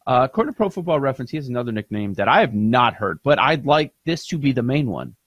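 A man's voice: medium pitch, very animated, fast talker, fairly bright tone, no room sound, lo-fi sound. Analytical male sports betting host. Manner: analytical, questioning. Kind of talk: casual sports betting chat.

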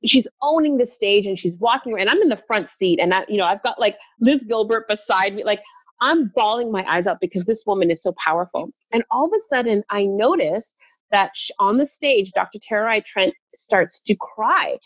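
A woman guest speaker telling an expressive story in conversation, laughing as she goes. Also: mid-range voice, brisk, no room sound. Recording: dull, dry, muffled sound.

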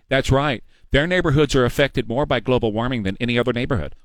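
A man's voice: medium pitch, animated, fairly quick, hardly any pauses, dry recording. A man hosting a talk radio show in a studio, emphatic, ranting and sarcastic.

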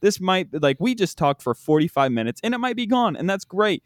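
A young man with a slight Southern country accent hosting a casual podcast, ranting with animated disbelief. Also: high voice, a little fast, no room sound, studio quality. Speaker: podcast host.

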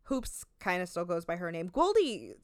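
A woman with a low, smooth voice chats through a reality-show recap, laughing often and tossing off quick asides. She sits close to the mic in a dry, dead room. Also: very animated, no echo. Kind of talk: casual chat.

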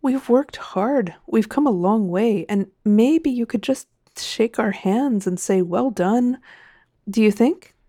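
A woman's voice: on the high side, animated, unhurried, mellow, no room sound, studio quality, pitched above the performer's own voice. A woman voicing a tired male rocket captain who pleads hesitantly for recognition. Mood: pleading.

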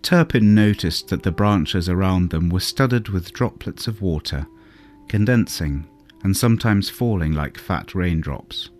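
A man narrating a fairy tale in a calm, measured storybook reading. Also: deep voice. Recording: soft music underneath.

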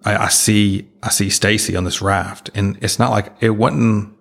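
A man earnestly retelling a personal experience as an interview guest, halting and full of restarts. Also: fairly low pitch, fairly even intonation, gravelly, a bit bright.

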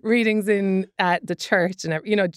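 A woman's voice: medium pitch, steady tone, moderate pace, clean tone, dry recording, studio quality. Laughing Irish woman comedian. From Ireland. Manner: chatty, self-mocking, laughs often. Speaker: comedian guest. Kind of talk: casual podcast chat. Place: podcast studio.

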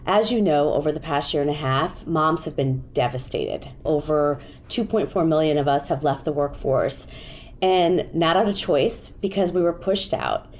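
A woman campaign founder answering interview questions with emphatic, forceful advocacy. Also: sits low, expressive, normal speed, slight background noise.

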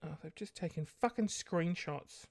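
A woman's voice: fairly low pitch, measured pace, darkish tone, no room sound, clean studio sound. A woman hosting a casual solo podcast late at night, rambling and sarcastic, muttering curses under her breath. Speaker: podcast host.

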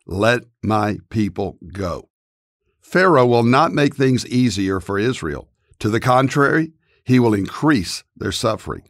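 Calm male host with a dry sound. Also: medium pitch, moderate pace, no room sound. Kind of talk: scripted introduction.

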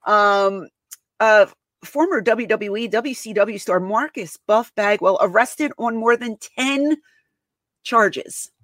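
A woman's voice: mid-range voice, takes it slowly, a bit bright, no room sound. A woman hosting a podcast in casual chat, talking emphatically with many restarts and repeated words. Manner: emphatic, repeats herself, exasperated. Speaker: podcast host.

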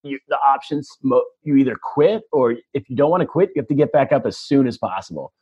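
A man's voice: mid-range voice, fairly quick, a little mellow, breathy edge, highs cut off. A male stand-up comedian telling stories in a casual interview, self-deprecating and rambling with restarts.

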